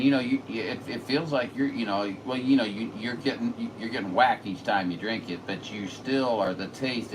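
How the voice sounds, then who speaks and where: Folksy ham chatting, low voice, distant mic, steady room noise. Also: male voice. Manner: rambling, filler-heavy, folksy. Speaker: radio operator. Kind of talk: casual chat.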